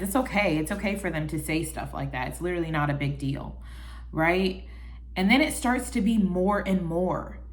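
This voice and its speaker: A woman vlogger talking casually to her viewers about people who copy her, chatty and animated, often calling the listener baby and acting out what others say. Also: mid-range voice. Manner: chatty, animated, quotes people in little voices. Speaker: vlogger giving life advice. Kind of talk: casual talk to camera.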